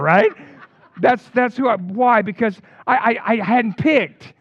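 An older man preaching a sermon in an animated storytelling way, with casual slang. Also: extremely high pitch, slow, no echo. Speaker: pastor. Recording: dull lo-fi dry recording.

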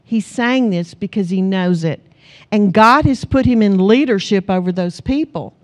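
A middle-aged woman with a mid-range voice preaches a sermon at a moderate pace. She tells family stories in an animated way, laughing often, and calls on the congregation to answer amen.

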